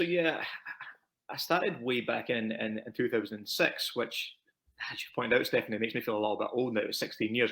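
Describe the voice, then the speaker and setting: A man's voice: mid-range voice, a bit bright. A Scottish man in his thirties, a property investor guest telling his story casually in an interview, repeating words as he goes. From Scotland. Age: 30s. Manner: quick, rambling with repeated words.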